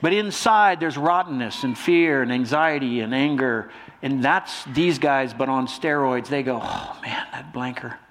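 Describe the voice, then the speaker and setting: A male pastor preaching a sermon with a stuffy nose, swinging between loud emphasis and soft hushed lines. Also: medium pitch, measured pace.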